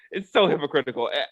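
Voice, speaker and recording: A man with a high, very animated voice, ranting about sports. He repeats himself for emphasis and keeps asking "okay?" The recording is dry and close. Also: gravelly, no room sound, muffled recording. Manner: emphatic and repetitive, drives points home with "okay?". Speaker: co-host giving a rant segment. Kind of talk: heated sports rant.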